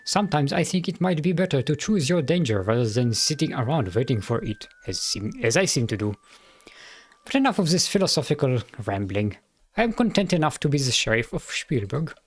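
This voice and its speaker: A man's voice: medium pitch, very animated, brisk. A man voicing a weary, philosophical male town sheriff, reading game dialogue aloud in a mock German accent with a friendly, musing manner. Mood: informative.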